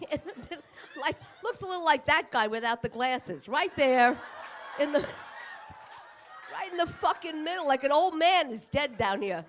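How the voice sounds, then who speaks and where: A woman's voice: high-pitched, a bit bright, a little hiss or hum. A woman in her fifties doing a crude, profane stand-up comedy set on a club stage, acting out asides. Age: 50s. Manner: crude, brash, profane punchlines with acted-out asides.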